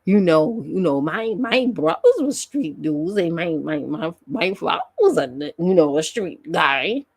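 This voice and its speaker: A woman streamer gossips through a laid-back live chat about online drama. Her voice sits low and she drags her words out slowly. She laughs a lot, and the sound is dry and close to the mic. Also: big pitch swings, darkish tone, breathy edge, no room sound. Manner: gossipy, laughs often, drawn-out slangy commentary.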